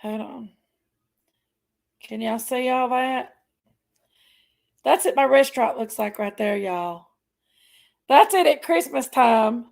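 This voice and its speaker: A woman hosting a casual live chat, loud and laughing often, her voice hoarse from allergies. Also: on the high side, takes it slowly, pauses often. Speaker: livestream host.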